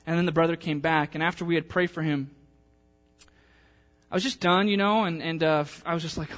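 A man's voice: fairly high pitch, steady tone, a little fast, long pauses, fairly bright tone. A male pastor preaching a sermon, telling a personal story in a chatty, emotional way with many fillers, then reading scripture aloud.

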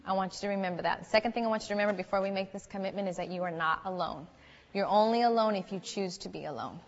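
A woman's voice: medium pitch, racing, long reverb tail, highs cut off. A woman giving an earnest, chatty sermon to young people, telling stories as she goes. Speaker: youth speaker.

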